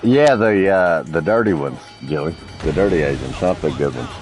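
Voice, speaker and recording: A man's voice: very deep voice, lively intonation, normal speed, over music. A man streaming a multiplayer game, chatting casually and crudely with friends, telling rambling stories and teasing them. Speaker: gaming streamer.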